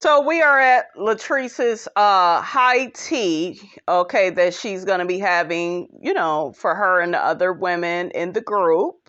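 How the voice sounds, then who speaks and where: A woman's voice: on the low side, a little slow, hardly any pauses, a bit bright. Sassy gossiping woman podcaster, lo-fi. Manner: sassy, gossipy, talks straight to her audience. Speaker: podcast host. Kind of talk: casual reality show recap.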